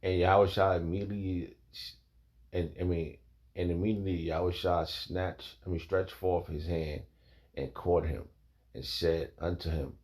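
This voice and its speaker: A man's voice: deep voice, steady tone, moderate pace, darkish tone. A man preaching in a rambling, emphatic way, reading scripture and calling his listeners "man" and "bro". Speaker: informal preacher.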